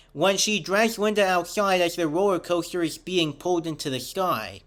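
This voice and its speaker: High-voiced man reading a review. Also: a bit bright. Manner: reads steadily from a script, detail by detail. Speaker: show host and reviewer. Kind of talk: scripted review narration.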